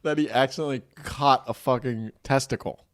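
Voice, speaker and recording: A man's voice: medium pitch, brisk. A man co-hosting a comedy podcast, telling a story in casual chat, laughing often and acting out quoted lines. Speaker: podcast co-host.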